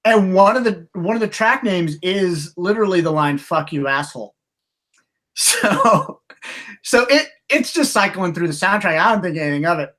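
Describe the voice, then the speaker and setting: A man co-hosting a podcast, telling stories in casual chat, halting and restarting often and acting out quotes with animation. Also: high voice, animated, a bit bright. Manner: halting storytelling with many restarts. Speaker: podcast co-host.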